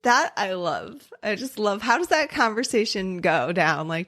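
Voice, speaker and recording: A woman's voice: medium pitch, expressive, unhurried, a bit bright, no room sound, studio quality. A young adult woman co-hosting a podcast in casual chat, reading out listener stories with rambling, swearing asides. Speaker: podcast co-host.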